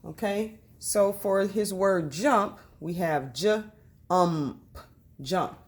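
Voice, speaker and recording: A woman teaching a reading lesson to children, speaking slowly and sounding out each syllable. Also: medium pitch, animated.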